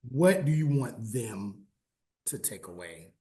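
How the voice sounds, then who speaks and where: Slow, expressive male interviewer. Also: mid-range voice. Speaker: interviewer host. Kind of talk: conversational interview.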